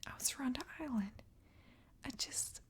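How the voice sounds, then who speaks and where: A woman voicing a laid-back young male fiancé in whispered role-play, with a soft unvoiced whisper, deepened and reassuring. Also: expressive, normal speed. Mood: earnest.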